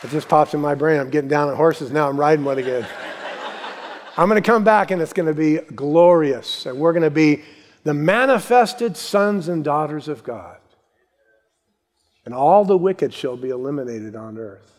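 Man, pastor, emphatic sermon, fairly high voice, long hall reverb. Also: lively intonation, normal speed. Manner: emphatic preaching with sudden drops to soft asides.

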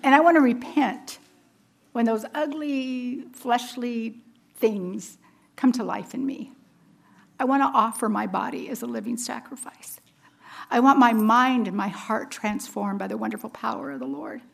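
A woman's voice: fairly high pitch, a little slow, vocal fry. A woman in her fifties giving a personal testimony sermon, earnest and storytelling, laughing at herself along the way. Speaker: women's ministry speaker.

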